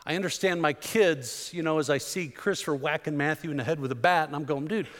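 A man's voice: on the high side, quick pace, a bit bright. A man preaching a fervent sermon in a church, driving points home with repeated rhetorical questions. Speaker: pastor. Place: church sanctuary. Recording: long hall reverb in a church.

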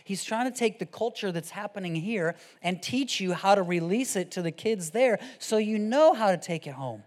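A man with a high voice gives an improvised sermon at normal speed. He is casual and animated, shifting from quiet scripture reading to loud, excited exhortation.

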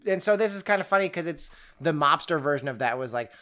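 A co-host chatting casually about a book in an animated, rambling way, often restarting sentences. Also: medium pitch, fast talker. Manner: animated and rambling, breaks into quoted voices, many restarts. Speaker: podcast co-host reviewing a book. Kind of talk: casual chat.

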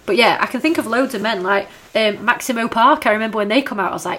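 A woman, co-hosting a relaxed chat, agreeable with blunt asides. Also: on the high side, quick pace. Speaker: podcast co-host. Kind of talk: casual chat.

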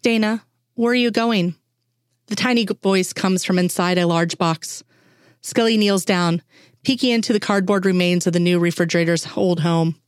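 A woman reading fan fiction aloud in a steady, unhurried way. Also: fairly low pitch, no room sound, clean studio sound. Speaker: reader.

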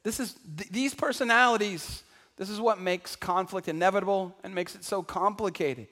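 A man preaching a sermon to a congregation, animated and calling out to the crowd, acting out everyday voices for laughs. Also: sits high, normal speed, long reverb tail. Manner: acts out household voices for laughs. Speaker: pastor. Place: large church hall.

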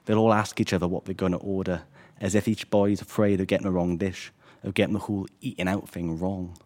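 A man, an author, reading his own fiction in a measured, wry way and answering questions. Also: low voice, flat delivery, darkish tone.

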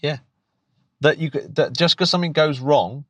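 A British man who teaches and co-hosts a podcast chats casually and eagerly, often restarting his sentences and laughing a lot. His voice sits on the high side, slightly bright, at a moderate pace, and the recording is dry.

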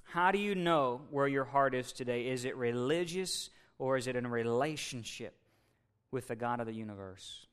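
A man preaching a sermon as pastor, building from measured and quiet to loud and excited. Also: medium pitch, clear, resonant tone.

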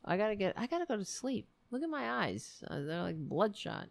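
A woman's voice: mid-range voice, sing-song, a little fast, gravelly, no room sound. A woman hosting a casual late-night livestream from her computer mic, sarcastic and profane, sounding exhausted. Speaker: livestream show host. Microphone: desk mic at a computer.

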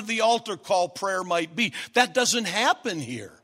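A man preaching a sermon, emphatic and building stacked, repeated phrases, sometimes rising to a shout. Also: high-pitched, sing-song, measured pace, few pauses, slightly rough.

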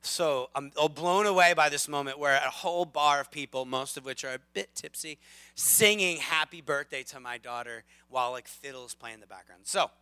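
Man, thirties, pastor, storytelling sermon, self-deprecating, bright voice, dry close mic. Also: on the high side, normal speed, smooth, no echo. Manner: animated, self-deprecating storyteller with big swings in loudness.

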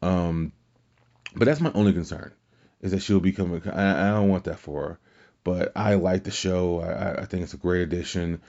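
Man, low voice, mellow tone, rambling casual commentary, restarts a lot, dull lo-fi recording. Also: fairly even intonation, normal speed. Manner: rambling, many restarts and filler words. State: tired, fighting yawns. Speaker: podcast host. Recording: dull lo-fi sound.

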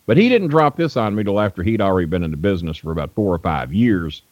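A man's voice: low voice, expressive, fast talker, darkish tone, no room sound, highs cut off. A man from Louisville telling rambling, profane stories as a guest on an interview show. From Louisville, Kentucky. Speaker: guest, wrestling manager. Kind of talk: casual interview storytelling.

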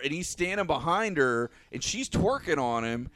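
A man spins a rowdy, profane story with plenty of laughter and put-on voices. His voice is bright and forward, and his pitch swings widely as he tells it. He talks in a loose, casual way among friends. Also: moderate pace, hardly any pauses, faint music behind. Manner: animated, profane, laughing storyteller who acts out quotes. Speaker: podcast co-host telling a story.

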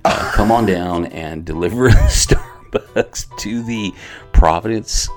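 A man's voice: deep voice, slow pace, faint music behind. A man co-hosting a faith podcast from a church radio studio, chatty and upbeat, sometimes reading passages aloud. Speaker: podcast co-host. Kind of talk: casual radio chat.

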